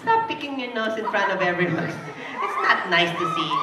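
A man's voice: high-pitched, huge pitch swings, normal speed, very noisy. A man working as a party entertainer, teasing a child volunteer with playful banter. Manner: playful, teasing, laughs often. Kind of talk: party emcee with audience banter. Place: indoor party venue. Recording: echoey party hall, distant mic, crowd.

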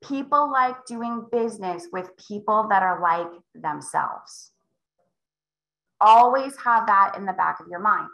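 A woman sales coach leading a live call, emphatic and acting out client conversations with big swings in pitch. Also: lively intonation, a little slow, creaky, a bit bright, reverberant, rough recording. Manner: emphatic, role-plays client dialogue with big pitch jumps. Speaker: real estate sales coach.

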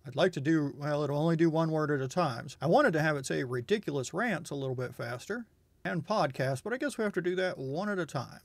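Chatty male software reviewer, wry. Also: fairly high pitch, lively intonation, brisk, no room sound. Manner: chatty, wry and candid, thinking aloud. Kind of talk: casual screen-recorded tutorial.

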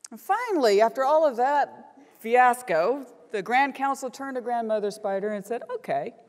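A middle-aged woman gives a keynote, earnest and lively as she tells a story. Her voice sits fairly high for a woman. She speaks into a podium mic, and the large hall adds a long reverb. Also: normal speed. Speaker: professor giving a keynote.

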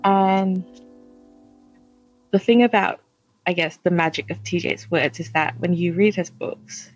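A woman telling a relaxed, self-mocking story about discovering a book. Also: lowish voice, measured pace, lo-fi sound, faint music behind. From Australia. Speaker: fan group admin. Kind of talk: casual storytelling.

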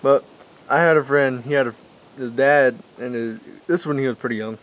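A man's voice: medium pitch, normal speed, fairly bright tone, highs cut off. A man telling a rambling, profane story with frequent laughter. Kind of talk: casual anecdote.

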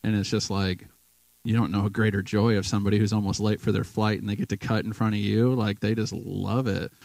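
Male speaker, low and gravelly, chatty storyteller who does the voices of the people in his stories. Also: flat delivery, a little fast, a little mellow, dry recording, poor audio. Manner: storytelling, acts out quoted people. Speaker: guest speaker at church. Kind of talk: casual testimony sermon. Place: church sanctuary.

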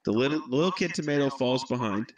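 A man telling a corny joke to a stranger on video chat, deadpan. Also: medium pitch, fast talker. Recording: echoey room.

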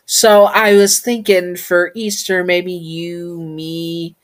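A woman's voice: fairly low pitch, level tone, slow pace. Woman voicing a bashful rabbit spirit. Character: doting male rabbit spirit, gentle, bashful. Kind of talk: reading a story aloud.

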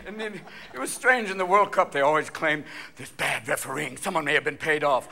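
A man doing stand-up comedy on a theater stage, manic and rapid-fire, leaping between voices and shouts. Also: a little high, creaky, a little hiss or hum. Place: theater stage before a live audience.

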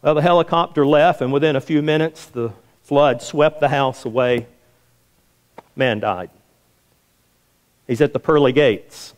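A man's voice: a little slow, pauses often. A man preaching a sermon as a pastor, telling a story and acting out the voices in it. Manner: storytelling, acts out the quoted voices in a higher pitch. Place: church sanctuary.

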